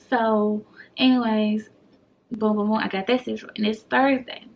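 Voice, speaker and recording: Gravelly-voiced young woman telling a story. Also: fairly high pitch, a little slow, long pauses, slight background noise. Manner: animated, acts out every quote. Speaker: vlogger. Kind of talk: casual storytime.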